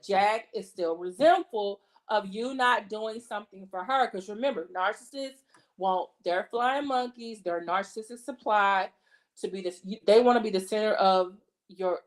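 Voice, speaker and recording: A woman hosting her own channel, talking in an emphatic, conversational way and often checking in with "okay" and "right". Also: mid-range voice. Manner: emphatic, repeats "okay" and "right", acts out quoted voices. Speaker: channel host. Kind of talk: casual commentary monologue.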